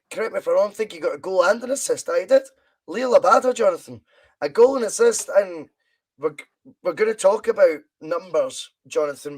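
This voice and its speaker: A man with a Scottish accent hosting a football podcast, talking animatedly and butting in with questions. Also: high-pitched. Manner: animated, interjecting and teasing. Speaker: podcast host. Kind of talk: casual football chat.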